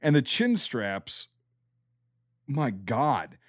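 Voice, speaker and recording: A man's voice: medium pitch, sing-song, extremely slow, no room sound, studio quality. A man hosting a casual podcast, talking bluntly and sardonically with plenty of swearing. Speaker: podcast host, former National Guard soldier.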